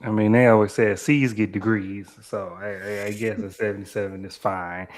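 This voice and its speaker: A man's voice: on the low side, steady tone, moderate pace. A man on a live panel, giving his opinions hesitantly and often restarting his sentences. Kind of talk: casual live panel discussion.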